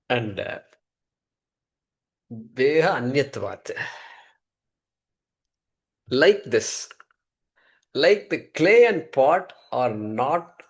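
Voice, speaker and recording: A man teaching a scripture class, conversational and repeating key terms as he explains. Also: medium pitch. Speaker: Vedanta teacher.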